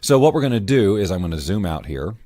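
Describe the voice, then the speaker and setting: Male tutorial host, low voice, loose and conversational, dead-dry close recording. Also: sing-song, fast talker, mellow, no room sound. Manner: casual, self-correcting, clears throat often. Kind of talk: screen-recorded software tutorial.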